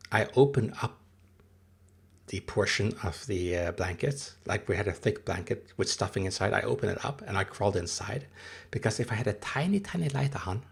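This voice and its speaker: A man's voice: on the low side, gravelly, husky. A man in his thirties, not a native English speaker, chatting in a rambling, casual way on a livestream and answering his chat.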